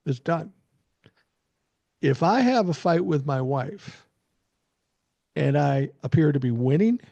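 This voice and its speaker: A man hosts a casual podcast chat, trading stories in a blunt way and swearing freely. His voice sits a bit high with a gravelly, fry-laden edge. The sound is close and dry. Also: warm tone, dry recording. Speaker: podcast host.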